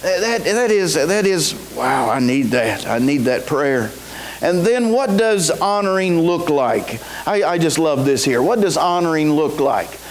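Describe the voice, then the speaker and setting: Guy preaching a sermon, high voice, keeps asking the congregation stuff. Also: expressive, measured pace, low-quality recording. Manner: preaching to a congregation with call-and-response questions. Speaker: pastor. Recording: faint hiss.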